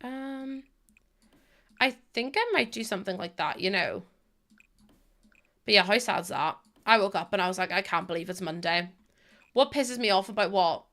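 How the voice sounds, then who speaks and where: A woman's voice: mid-range voice, lively intonation, moderate pace, pauses often, a bit bright. A young woman streaming a building game, chatting casually with her viewers, laughing and swearing as she goes. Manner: chatty, swears, laughs a lot, talks to chat. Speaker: Twitch streamer. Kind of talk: casual chat while gaming.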